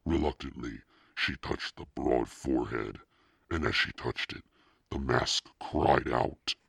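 A man giving a measured, dramatic audiobook narration. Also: rumbling low, gravelly, a bit bright, slightly rough, no echo, studio quality.

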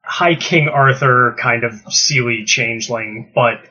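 A man's voice: medium pitch, slow pace, pushed and bright, a little hiss or hum. A man in casual chat, recapping a live-action game with enthusiasm. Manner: enthusiastic, gushing. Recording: dull lo-fi recording.

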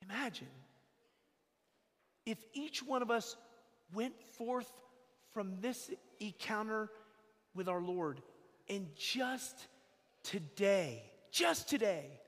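High-voiced priest preaching in echoing church. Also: male voice, expressive, slow, long pauses, a bit bright. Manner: emphatic storytelling, repeating key phrases. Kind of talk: sermon. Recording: long echo of a church hall.

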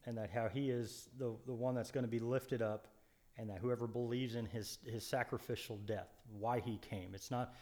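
A man of ordinary pitch co-hosts a conversational Bible study. He explains scripture in an earnest, preacherly manner, often restarting his sentences, and he leans hard on his key points. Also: steady tone, normal speed, a little mellow. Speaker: co-host Bible teacher.

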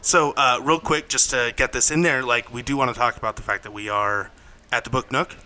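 A man co-hosting a podcast in casual chat, animated and jokey, recorded in a bookstore. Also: medium pitch, a little fast, clean tone. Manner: animated, jokey, puts on silly voices. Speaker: podcast co-host. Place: bookstore with shoppers around.

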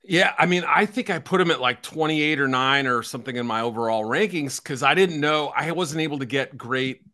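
A man's voice: on the high side, brisk, pushed and bright, dry recording, clean studio sound. A middle-aged man co-hosting a casual football draft talk, chatty and hedging, with a self-deprecating streak. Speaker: football draft analyst co-host.

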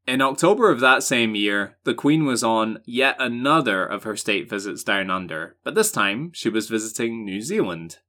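Male podcast host, bright tone, dry sarcastic delivery. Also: lowish voice, expressive. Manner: sarcastic, swearing, quick jokes. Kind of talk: casual chat, reading from notes.

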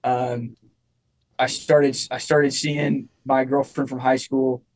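A man's voice: medium pitch, flat delivery, slow, rough recording. A young man, a musician guest, telling a personal story in casual chat, rambling with lots of restarts and fillers.

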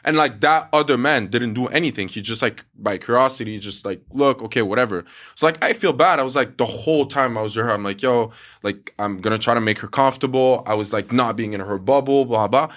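Animated man telling stories, filler-heavy. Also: medium pitch, fairly quick, few pauses. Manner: animated storyteller, acts out quotes, many "like" fillers. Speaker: podcast co-host. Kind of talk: casual podcast storytelling.

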